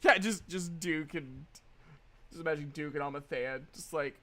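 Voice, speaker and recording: A man running a tabletop role-playing game in an excitable way, laughing often. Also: on the high side, moderate pace. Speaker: game master.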